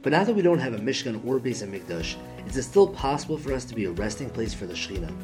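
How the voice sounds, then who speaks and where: A man hosting a casual talk, retelling a story in a lively, joking way. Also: medium pitch, quick pace, roomy sound, music in the background. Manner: lively, jokey retelling with acted quotes. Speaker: host. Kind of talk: casual storytelling on the weekly portion.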